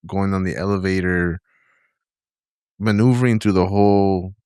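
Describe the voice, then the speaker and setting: Laid-back male co-host, very deep voice, easygoing chat, dry mic. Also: fairly even intonation, moderate pace, darkish tone, smooth, no echo. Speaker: podcast co-host. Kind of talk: casual chat.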